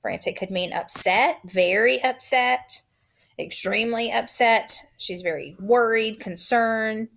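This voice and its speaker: A woman teacher giving a recorded phonics lesson to young children, sounding out letters slowly, clearly and patiently. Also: on the high side, fairly bright tone.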